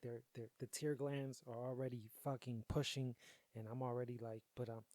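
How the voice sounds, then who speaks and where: Podcast host, young man, loose profane storytelling, emotional, warm low-key voice, dry mic. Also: flat delivery, normal speed, no echo. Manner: profane, conversational, repeats himself. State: grieving, emotional. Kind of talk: casual storytelling.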